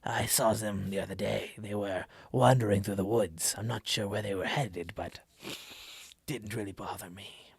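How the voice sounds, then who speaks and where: A man doing a hushed, sly cat-folk merchant. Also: on the low side, steady tone, normal speed, gravelly, slightly rough, no room sound, voice pushed down, heavily acted.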